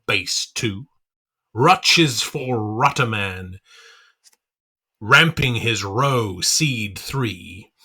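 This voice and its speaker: Male co-host reading a novel, mid pitch, slow, sing-song chanting. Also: bright, forceful tone. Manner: rhythmic, chanting reading of sound-play. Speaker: podcast co-host reading aloud.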